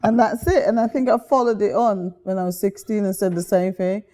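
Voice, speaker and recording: A middle-aged woman from Guyana, a guest chatting casually in an interview, telling stories lively and acting out the voices she quotes. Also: mid-range voice, fairly quick.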